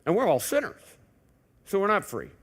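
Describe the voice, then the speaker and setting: A man's voice: sits high, huge pitch swings, moderate pace, fairly bright tone, slightly rough. A male pastor preaching a sermon in a church in a conversational way, full of rhetorical questions and joking asides. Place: church sanctuary.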